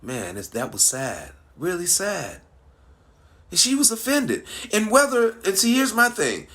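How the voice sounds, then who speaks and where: A man commenting to his online followers, animated and repetitive, with frequent restarts and rhetorical questions. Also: sits high, unhurried. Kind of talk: casual monologue to social media followers.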